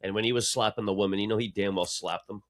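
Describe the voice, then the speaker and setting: Deep-voiced, blunt, profane man. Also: fairly even intonation, fast talker, no echo. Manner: blunt, profane, matter-of-fact. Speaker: podcast co-host. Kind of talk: casual chat.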